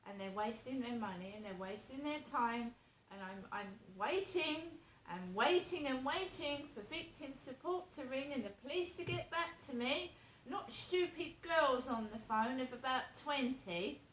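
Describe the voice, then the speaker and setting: A vlogger with a high, expressive voice speaks to her viewers at normal speed in a casual, rambling monologue to camera, sounding indignant and repeating herself. The mic is distant, in an echoey room with faint hiss.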